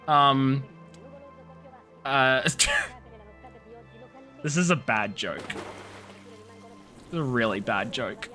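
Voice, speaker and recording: Streamer guy, young, lively pitch, very bright tone, teasing chat with faint music behind. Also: drawn-out words, long pauses. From Australia. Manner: playful, teasing, rambling with many restarts. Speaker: game streamer. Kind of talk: casual live-stream chat.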